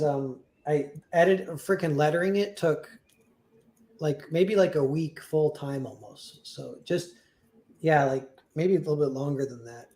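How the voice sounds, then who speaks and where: A young man with a somewhat high voice talks casually on a livestream. He rambles, restarts his sentences and fills them with "like," chuckling along as he goes. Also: a little mellow.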